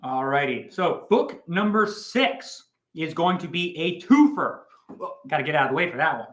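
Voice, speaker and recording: A man hosting a livestream, pitching comic books in a chatty, rambling way with jokey asides. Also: lively intonation, moderate pace, a bit bright, roomy sound, poor audio. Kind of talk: casual sales pitch chat.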